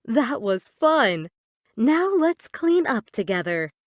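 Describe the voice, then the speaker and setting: A woman voicing a kind, patient mother in a children's storybook, speaking gently and evenly. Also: fairly high pitch, sing-song, slow, dry recording, studio quality. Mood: gentle.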